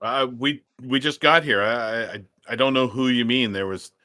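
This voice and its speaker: A man's voice: medium pitch, moderate pace, bright, forceful tone, no room sound. A man playing a tabletop game, stammering as he answers in character. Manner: stammering, casual. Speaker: player. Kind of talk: casual tabletop play.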